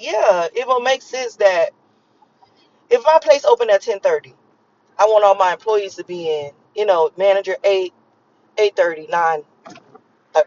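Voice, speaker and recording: A woman in her thirties from Miami, ranting casually to her viewers in a profane, emphatic way and repeating herself for emphasis. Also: mid-range voice. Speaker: vlogger. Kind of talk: casual rant to camera. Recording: slightly lo-fi recording.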